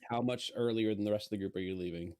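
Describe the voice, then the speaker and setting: A man running a tabletop game as dungeon master, asking the players measured questions. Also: lowish voice, a little mellow, clear, resonant tone.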